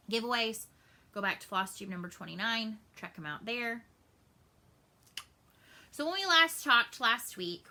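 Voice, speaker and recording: A woman, chatting casually in a cross-stitch vlog update and telling stories with lively asides. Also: medium pitch. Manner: animated storytelling, acts out family voices.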